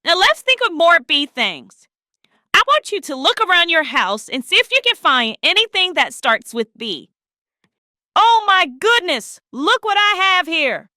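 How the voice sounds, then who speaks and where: Bright, bouncy woman children's host. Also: extremely high pitch, very animated, measured pace, no echo, clean studio sound. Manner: sing-song, coaxing, asks children to join in. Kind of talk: children's lesson.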